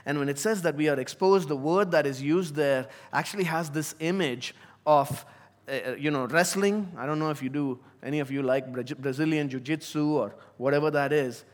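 A man preaching a sermon as a pastor, earnest and emphatic, slowing down to stress key words. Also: a little high.

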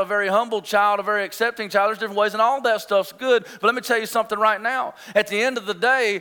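High, bright-voiced impassioned preacher. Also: male voice, clean tone, long reverb tail. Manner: impassioned, emphatic repetition, swings between loud and hushed. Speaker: pastor. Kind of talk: sermon.

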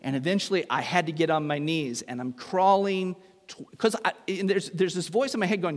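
A man's voice: sits high, a little fast. A middle-aged man preaching a sermon as pastor, telling a story with humor and acting out voices. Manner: animated, acts out voices in his story, self-mocking humor. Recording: long hall reverb.

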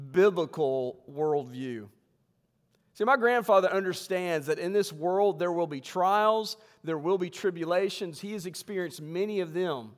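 A man preaching as pastor in a church sanctuary, reading scripture slowly and then talking with humor in a conversational way. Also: high voice, a bit bright. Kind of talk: sermon. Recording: long hall reverb.

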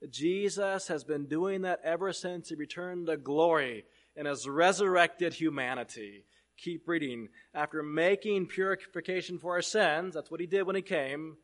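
A man preaching a sermon, reading scripture aloud and swinging between loud proclamation and hushed asides. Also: fairly high pitch.

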